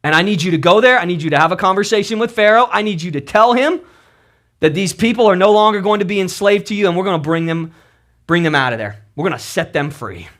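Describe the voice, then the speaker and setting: A preacher voicing God calling from a burning bush, commanding and direct, handing out orders plainly. He keeps close to his own high, lively preaching voice. The words carry firm instruction. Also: quick pace.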